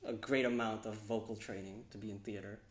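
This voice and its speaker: A man's voice: fairly low pitch, steady tone, fairly quick, reverberant. A man hosting a podcast, asking friendly questions with lots of fillers. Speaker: podcast host. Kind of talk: casual podcast interview.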